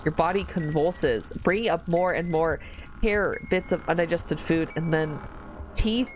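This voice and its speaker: A woman streamer reading a horror visual novel aloud, slow narration broken by squealing, disgusted reactions. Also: sits low, fairly even intonation, slight background noise, poor audio. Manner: reads narration slowly, then breaks into squealing disgusted reactions and laughs. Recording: faint music behind the voice.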